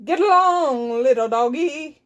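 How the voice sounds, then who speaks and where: A woman's voice: sits high, lively intonation, takes it slowly, darkish tone. A woman voicing a boastful male alien space cowboy in a storybook reading, whooping and hollering like a rodeo rider. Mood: rowdy.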